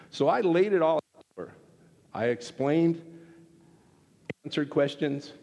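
A pastor delivering a sermon, animated and acting out little exchanges as he teaches. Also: a little high, a little slow, gravelly, pauses often. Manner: animated, acts out quoted exchanges. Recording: long hall reverb.

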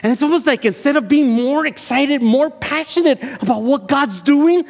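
A male pastor who speaks Spanish as his first language, preaching a sermon that swells into loud, high-pitched passion. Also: normal speed. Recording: echoey hall with long reverb.

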